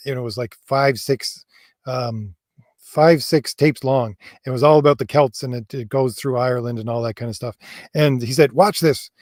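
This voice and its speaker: A man co-hosting a casual livestream chat, speaking earnestly and filling pauses with hesitations. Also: medium pitch, a little mellow, no echo, studio quality. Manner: earnest, fills pauses with um and quite honestly. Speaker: co-host and author.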